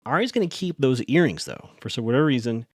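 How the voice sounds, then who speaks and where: A man's voice: mid-range voice, animated, quick pace, breathy edge, no room sound, clean studio sound. Chatty man recapping a TV episode. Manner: chatty, rambling, self-correcting. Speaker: podcast host.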